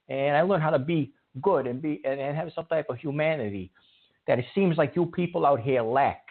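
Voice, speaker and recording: A man hosting a call-in show, his voice sitting a little high and gravelly. He rambles and keeps restarting his sentences. The whole thing sounds tinny, like a phone line.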